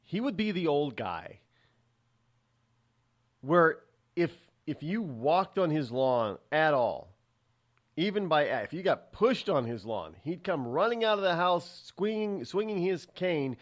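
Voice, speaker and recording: A male talk radio host riffs through a solo opinion segment, his voice sitting a little high and swinging widely up and down. He talks with a sarcastic edge, stumbling into restarts and repeated words as he goes. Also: sing-song, slow pace. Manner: sarcastic, rambling with frequent restarts.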